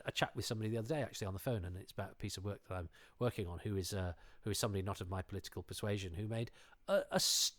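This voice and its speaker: A man's voice: lowish voice, no room sound, studio quality. A man chatting casually, enthusiastic and digressive with a self-deprecating streak. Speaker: show panelist. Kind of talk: casual chat.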